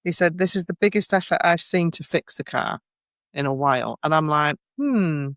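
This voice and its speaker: A man's voice: fairly high pitch, brisk, a bit bright, no room sound, clean studio sound. A man hosting a casual podcast chat, musing aloud and often restarting his sentences. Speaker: podcast host.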